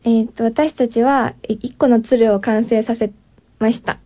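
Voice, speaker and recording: A woman's voice: on the high side, steady tone, brisk, mellow. A woman in her twenties, a native Japanese speaker, telling a personal story hesitantly, with fillers. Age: 20s. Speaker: storyteller guest.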